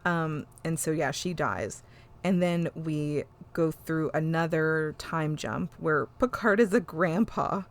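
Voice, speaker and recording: Woman podcast host, lower voice, loose and profane, animated retelling. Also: slow. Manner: swears freely, animated retelling with quoted lines. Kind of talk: casual chat recapping an episode.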